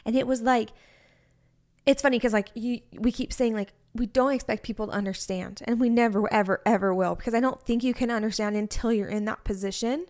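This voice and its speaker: A woman's voice: fairly high pitch, fairly even intonation, brisk, darkish tone. A young adult woman co-hosting a podcast, telling a story in an emotional, rambling way with lots of fillers. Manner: emotional, rambling, heavy use of "like". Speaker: podcast co-host. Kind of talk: casual chat.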